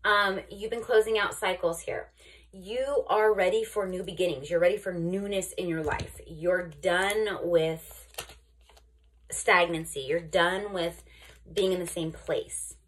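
A woman's voice: medium pitch, fairly even intonation, moderate pace, breathy edge. A woman giving a casual tarot reading to her viewers, chatty and often checking in with "okay?", restarting and correcting herself as she goes. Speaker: tarot reader.

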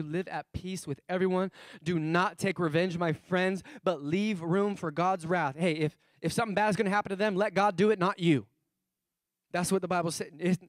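A man preaching a sermon as pastor, telling stories with animated swings between soft asides and loud emphatic bursts, repeating key phrases slowly for emphasis. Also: high-pitched, dry recording, clean studio sound.

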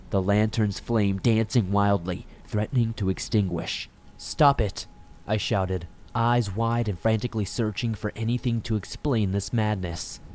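A man with a fairly low voice reads a horror story aloud. His delivery is measured and dramatic, building suspense line by line. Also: a little mellow, slight background noise. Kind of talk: scripted horror narration.

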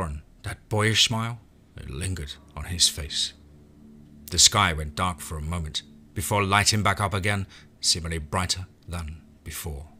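Deep-voiced man narrating a horror story. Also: slight background noise. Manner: steady, dramatic first-person storytelling.

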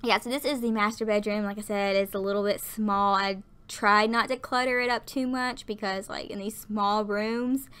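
Gal rambling thru a game voiceover, kinda out of breath, smooth clear voice. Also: female voice, mid-range voice, steady tone, normal speed, hardly any pauses, fairly bright tone. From lower Alabama, US. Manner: rambling, chatty, lots of fillers. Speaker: Sims build YouTuber. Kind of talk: casual voiceover chat.

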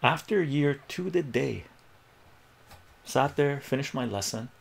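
This livestream math tutor speaks slowly in a mid-range voice with lively intonation and vocal fry. He chats casually with his viewers, wandering through a personal story and performing the voices of the people in it.

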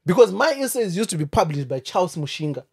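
A man from Zimbabwe co-hosting a podcast, chatting quickly and casually with a lot of agreeing. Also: high-pitched, sing-song, vocal fry, slightly rough. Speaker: podcast co-host.

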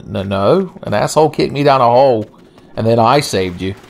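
A man's voice: mid-range voice, lively intonation, normal speed, gravelly, a little hiss or hum. A young man giving sardonic, profane, rambling gameplay commentary. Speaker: let's play commentator.

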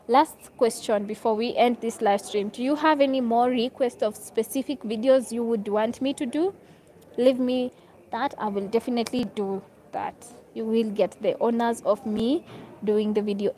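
A woman's voice: on the high side, moderate pace, warm tone. A woman hosting a live stream in a hotel room, chatting casually as she reads viewer comments aloud and answers them, laughing easily.

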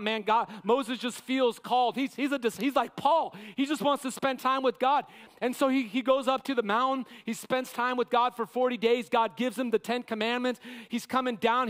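A man preaching a sermon as pastor, impassioned, sometimes acting out quotes with rising shouts. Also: extremely high pitch. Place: church sanctuary. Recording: long church hall reverb.

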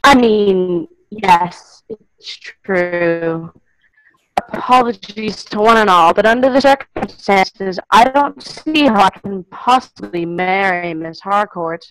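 A female acting student reading a gentleman's lines over a video call in a deliberate, posh-sounding way. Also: medium pitch, dry recording, low-quality recording. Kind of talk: reading a script aloud.

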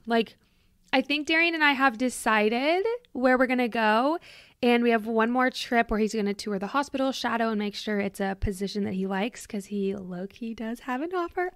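A woman's voice: fairly high pitch, brisk, a bit bright, smooth, dry recording. A woman in her late twenties hosting a podcast, talking in a chatty, heartfelt and reflective way into a close microphone. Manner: chatty and heartfelt, full of "like" and gushing thanks. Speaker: podcast host. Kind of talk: casual reflective podcast monologue.

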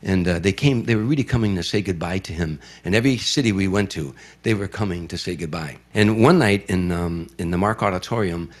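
A man's voice: low voice, a little fast, hardly any pauses. An older man from Chicago, an entertainer, telling a vivid story in an interview and acting out the voices of the people in it. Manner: vivid storyteller who acts out quoted voices.

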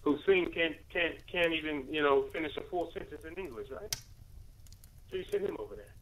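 Man commentator with a bright, slightly high voice, talking loosely and peppering every point with rhetorical questions. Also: fairly quick, a little hiss or hum, low-quality recording. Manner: rambling, full of rhetorical questions and "right?" tags; addresses listeners as family. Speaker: radio commentator. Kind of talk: casual spoken commentary.

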